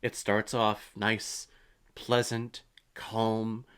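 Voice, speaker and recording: Bright-voiced opinionated movie reaction guy. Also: on the low side, flat delivery, very slow, clear, resonant tone. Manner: chatty, opinionated, swears casually. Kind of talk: casual movie reaction commentary.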